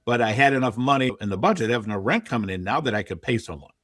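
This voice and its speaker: A man's voice: mid-range voice, fast talker, fairly bright tone, dry recording, studio quality. A middle-aged man, a podcast guest, telling his story candidly and quoting his own past thoughts. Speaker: podcast guest, real estate investor. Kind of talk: conversational interview storytelling.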